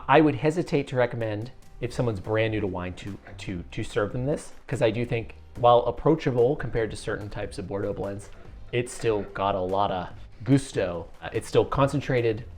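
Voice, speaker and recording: A man's voice: lowish voice, normal speed, soft background music. A man hosting a casual wine tasting, joking and bantering with a friend. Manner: jokey, animated, playful banter. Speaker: wine reviewer host.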